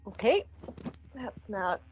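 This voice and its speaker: A woman playing a tabletop game, chatting quickly with a wry tone. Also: medium pitch, big pitch swings, darkish tone, soft background music, rough recording. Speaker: player. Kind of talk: casual game chat.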